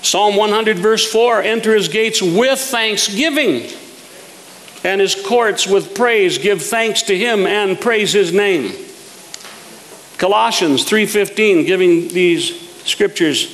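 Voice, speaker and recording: A man's voice: high-pitched, a bit bright, long reverb tail, slight background noise, low-quality recording. A man preaching a sermon, telling folksy humorous stories and chuckling at his own jokes.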